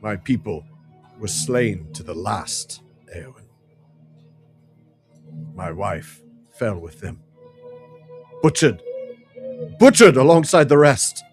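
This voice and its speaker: A man's voice: low-pitched, takes it slowly, pauses often, soft background music. A man voicing a grief-maddened, vengeful warrior who speaks bitterly and accusingly in a fantasy game. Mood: anguished. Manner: bitter, accusing, bursts into shouting.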